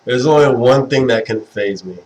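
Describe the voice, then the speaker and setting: A man's voice: mid-range voice, moderate pace, darkish tone, low-quality recording. A young man chatting casually to viewers on a livestream, gushing and sentimental and laughing often. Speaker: livestream host. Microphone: webcam stream mic.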